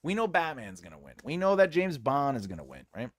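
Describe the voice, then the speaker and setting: Animated man giving writing advice. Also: medium pitch, a little fast, no room sound, clean studio sound. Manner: animated, jokey, trails off into mumbles. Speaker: writing coach and livestream host. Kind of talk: casual livestream teaching on writing.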